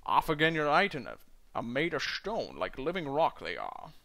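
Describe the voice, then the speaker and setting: A man putting on a gruff Scottish old dwarf. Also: on the high side, huge pitch swings, normal speed, pushed and bright, heavily acted. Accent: mock Scottish. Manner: stumbling over the written lines. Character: gruff old male dwarf miner, blunt.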